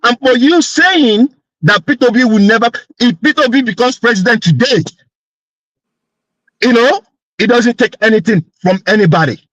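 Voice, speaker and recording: A man's voice: very high voice, expressive, moderate pace, a bit bright, dry recording, muffled recording. A man arguing insistently as a panelist in a heated online discussion. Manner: insistent, indignant.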